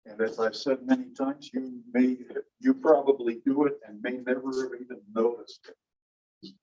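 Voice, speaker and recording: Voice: mid-range voice, fairly even intonation, moderate pace, dark tone, breathy edge, dull audio. A teacher giving a phonetics lecture in class, patiently quizzing students with questions and spelling out examples. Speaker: linguistics teacher.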